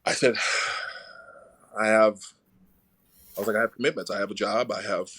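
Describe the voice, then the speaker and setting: A young adult man telling a story in casual conversation, animated and full of "like" fillers, acting out the quoted dialogue. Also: lowish voice, fast talker, breathy edge. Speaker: rugby player, podcast guest.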